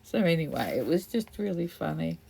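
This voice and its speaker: Gravelly-voiced chatty woman. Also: low voice, sing-song, normal speed, a little mellow. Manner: chatty, rambling, laughs often. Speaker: craft video host. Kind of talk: casual crafting chat.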